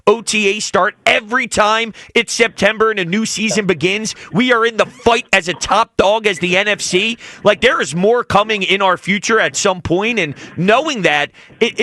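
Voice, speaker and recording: A man hosting a sports radio show, reacting with enthusiasm and taking calls. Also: sits high. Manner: enthusiastic, reacts warmly to callers.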